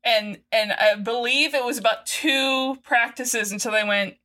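Bright-voiced woman podcast co-host. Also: on the high side. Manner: animated, quick recapping with laughs. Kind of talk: casual chat recapping a TV episode.

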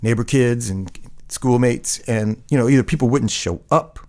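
A man's voice: medium pitch, moderate pace, a little mellow. A middle-aged man, a guest in a casual interview, talking in a rambling way full of fillers and restarts.

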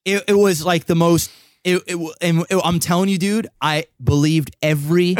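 A man's voice: a little high, lively intonation, unhurried, no room sound, studio quality. A young man co-hosting a podcast, telling a long personal story in casual, profane chat full of restarts. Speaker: podcast co-host.

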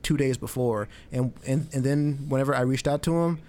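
Man co-host, relaxed and rambling, mid-range voice, easygoing conversational delivery. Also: medium pitch, a little fast. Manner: laid-back, rambling, many fillers like "I mean" and "you know". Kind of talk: casual conversation.

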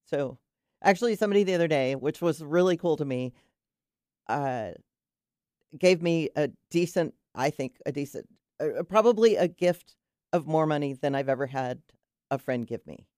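A woman's voice: deep voice, animated, moderate pace, a little mellow, no echo, studio quality. A middle-aged woman, a guest on a radio show, chatting casually and telling stories with many restarts and trailing sentences. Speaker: guest, cold-water swimmer.

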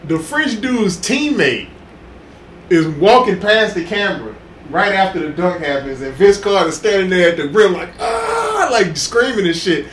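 A man with a high, very lively voice tells sports stories in loose, excitable podcast chat, jumping into acted quotes and laughing loudly. He was recorded in an echoey room with a faint hiss behind him. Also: normal speed. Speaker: podcast co-host. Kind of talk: casual chat.

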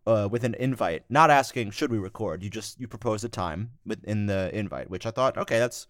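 A man's voice: lowish voice, a little fast, dry recording. Dry, wry young man co-hosting a podcast. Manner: wry, laid-back, dry teasing. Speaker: podcast co-host. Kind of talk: casual chat.

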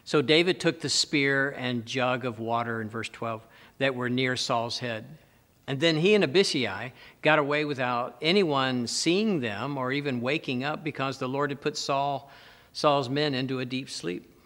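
A man's voice: mid-range voice, measured pace, a bit bright, in a large hall. A man preaching a sermon as a pastor, emphatic and repeating words for stress.

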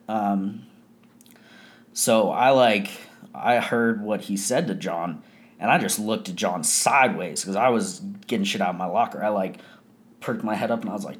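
A man's voice: fairly low pitch, normal speed. Young man telling a rambling story. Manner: loose, profane, rambling with many fillers. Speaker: podcast host. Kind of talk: casual storytelling monologue.

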